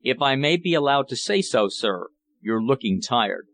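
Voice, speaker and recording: A deferential older butler speaks in formal, respectful tones, voiced by a male narrator. The voice drops low and quiet, and each line ends with a polite "sir.". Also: very animated, normal speed.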